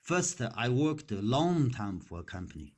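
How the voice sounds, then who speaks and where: A man in his sixties, retired, speaking simple, halting non-native English with many fillers in a casual practice conversation. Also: mid-range voice, big pitch swings, darkish tone.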